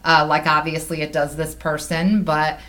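A woman's voice: sits low, little pitch movement, normal speed, fairly bright tone. A woman hosting a casual podcast chat, reading submissions and hedging as she argues the other side. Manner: hedging, plays devil's advocate. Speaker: podcast host.

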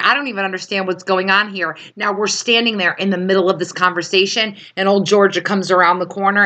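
Bright-voiced woman podcast co-host. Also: mid-range voice. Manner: animated, profane retelling with acted-out quotes. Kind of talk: casual storytelling chat.

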